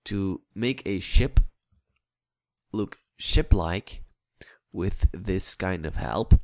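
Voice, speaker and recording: Low-voiced man rambling over gameplay. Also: slow, creaky, no room sound, studio quality. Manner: rambling, chatty, mutters at himself with filler words; plays with a vague put-on accent. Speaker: Minecraft builder commenting on his build. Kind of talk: casual gameplay building commentary.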